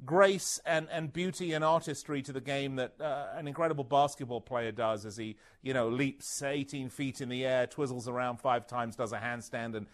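A man's voice: mid-range voice, steady tone, normal speed, few pauses. A man co-hosting a sports talk radio show, exuberant and joking, rambling with fillers in casual chat on a studio mic.

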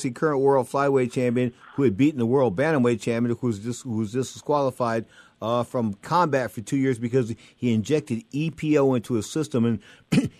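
A man hosting a sports talk radio show, excitable and rambling, telling stories full of asides. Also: medium pitch, no room sound.

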